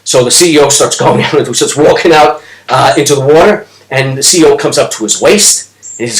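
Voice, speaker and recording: A man telling a motivational story with a dramatic storyteller's delivery that builds toward shouting. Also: medium pitch, fairly quick, reverberant, low-quality recording. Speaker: motivational speaker.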